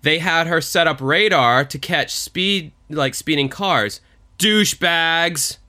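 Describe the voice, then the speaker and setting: A man co-hosting a podcast, telling the story in an animated, offhand way with plenty of swearing. His voice sits fairly high and comes across bright and forceful. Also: slow. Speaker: podcast host. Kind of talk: casual podcast chat.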